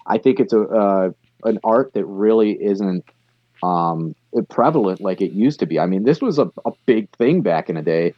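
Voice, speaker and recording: A man co-hosting a podcast, talking casually about a TV episode in a relaxed, enthusiastic way. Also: lowish voice, normal speed, no echo, highs cut off. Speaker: podcast co-host. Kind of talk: casual chat reviewing an episode.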